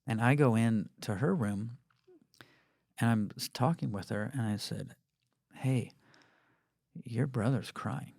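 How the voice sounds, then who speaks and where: A man with a lowish voice co-hosts a casual parenting podcast, recounting family moments earnestly. He drops softly into quoted lines as he tells them. The sound is dry and close, with little room in it. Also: a little slow, vocal fry, no echo.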